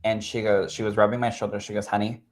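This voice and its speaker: Expressive man telling a personal story. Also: on the low side, quick pace. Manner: expressive and chatty, full of "like" and "literally". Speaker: spirit medium guest. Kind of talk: emotional personal storytelling chat.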